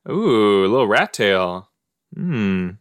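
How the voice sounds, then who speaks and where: A podcast host chats casually and muses aloud, talking to the screen as he reacts to a show playing in front of him. His voice sits on the low side, sing-song and very slow, with a clear, resonant tone. The recording is dry, with clean studio sound.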